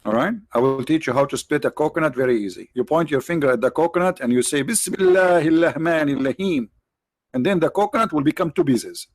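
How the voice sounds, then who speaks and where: A man with non-native English phrasing hosting a livestream, mocking his subject with rhetorical questions, his voice tired and his throat often cleared. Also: mid-range voice, lively intonation, fast, few pauses, dry recording. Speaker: livestream host. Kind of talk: mocking debate commentary.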